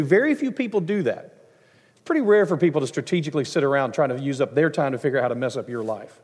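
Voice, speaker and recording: A middle-aged man, a pastor, preaching a sermon in a conversational, animated way, with asides and acted-out quotes. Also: mid-range voice, fast talker. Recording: long hall reverb.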